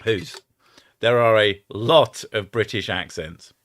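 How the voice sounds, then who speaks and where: A man's voice: on the low side, slow, a bit bright. A man with an Edinburgh Scottish accent, hosting a live stream in rambling casual chat, swearing and trying out silly impressions. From Scotland. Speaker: streamer host.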